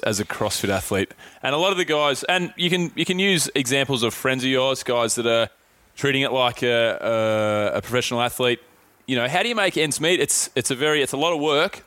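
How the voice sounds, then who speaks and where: A man's voice: medium pitch, pushed and bright, no room sound. A man hosting a podcast, asking questions in a loose, joking and sweary way. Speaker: podcast host. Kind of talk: casual chat.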